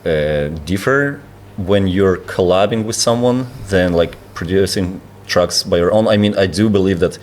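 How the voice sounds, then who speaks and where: Low voiced podcast host, relaxed chatty interviewer, lots of mm-hmms, light hiss in the background. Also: moderate pace, hardly any pauses. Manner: encouraging, lots of backchannel murmurs, playful quips. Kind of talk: casual interview chat.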